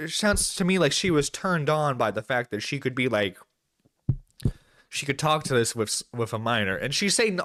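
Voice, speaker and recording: A man's voice: medium pitch, animated, measured pace, long pauses, fairly bright tone, no echo, clean studio sound. A man giving an angry reaction commentary on a live stream, ranting and swearing with stammered restarts. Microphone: desk microphone.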